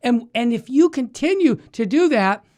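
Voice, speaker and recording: A man hosting a talk radio show, emphatic and exhorting, with quick restarts. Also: extremely high pitch, animated, darkish tone. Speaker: radio host.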